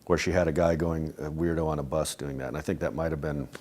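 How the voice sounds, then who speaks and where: A middle-aged man in an interview, talking casually and rambling, often restarting his sentences and laughing softly. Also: extremely low pitch, flat delivery, fast talker. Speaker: interviewee, animation creator. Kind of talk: casual reflective interview talk.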